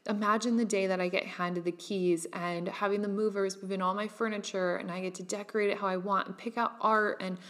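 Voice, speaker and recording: A woman's voice: mid-range voice, flat delivery, brisk, hardly any pauses, a bit bright. A young woman hosting her own podcast, talking casually and with animation, full of "like" fillers and the odd laugh. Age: young adult. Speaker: podcast host. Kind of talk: casual solo podcast monologue.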